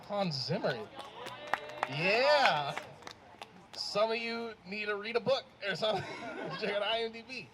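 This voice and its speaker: A man doing a stand-up comedy set on a club stage, rambling and animated with lots of fillers. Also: sits high. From Arab American. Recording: live club mic with faint crowd noise.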